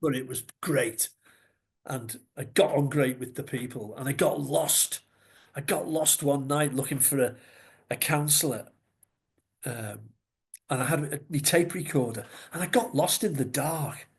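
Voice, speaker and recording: A middle-aged man with a Scouse accent, telling lively anecdotes as a podcast guest, with chuckles and salty asides. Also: medium pitch, measured pace. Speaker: guest, former news reporter. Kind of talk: conversational storytelling.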